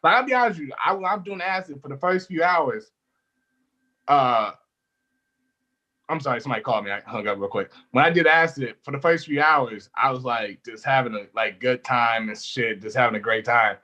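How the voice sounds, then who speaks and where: A young man, a comedian, chatting casually and telling animated stories, laughing often and swearing freely. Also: mid-range voice, brisk, lo-fi sound. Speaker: comedian guest. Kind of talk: casual storytelling chat.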